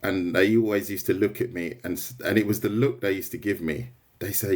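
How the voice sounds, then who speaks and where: A man's voice: low-pitched, steady tone, fairly quick, few pauses. A man chatting casually on a drawing livestream, rambling and answering viewer comments. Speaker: artist livestreamer.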